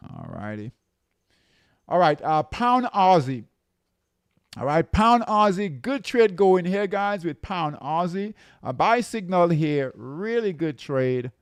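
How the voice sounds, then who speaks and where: A man coaching traders through charts, in an unhurried, gravelly voice. He keeps asking "okay?" and "right?" along the way. The sound is close and dry. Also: high-pitched, big pitch swings, no room sound. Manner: repetitive, checks in with "okay?" and "right?". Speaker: trading coach. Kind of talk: live chart walkthrough.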